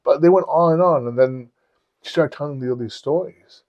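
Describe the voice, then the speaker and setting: A man's voice: fairly high pitch, fairly quick, no echo. Guy on a podcast spinning wild stories, acts out the dialogue, kinda dull dry audio. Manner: animated, profane anecdote-telling with acted-out dialogue. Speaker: podcast host. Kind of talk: casual storytelling chat.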